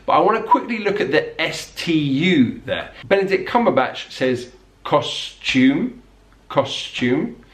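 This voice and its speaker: A man with a British English accent teaching pronunciation, explaining clearly and slowing down to model words. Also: on the high side, sing-song, recorded from a distance. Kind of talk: pronunciation lesson. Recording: roomy echo.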